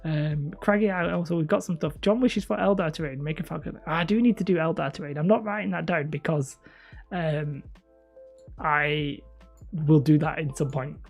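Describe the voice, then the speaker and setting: Woman streamer, low mellow voice, rambling self-deprecating chat to viewers, faint music underneath. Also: normal speed, creaky, husky. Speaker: livestream host. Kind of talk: casual livestream chat, reading viewer comments.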